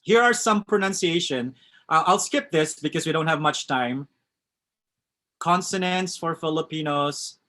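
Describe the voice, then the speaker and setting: Man, West Coast American accent, slightly high voice, live online English lesson, answers chat questions. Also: unhurried, bright, forceful tone. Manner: reads out chat answers and comments on them. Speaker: English teacher.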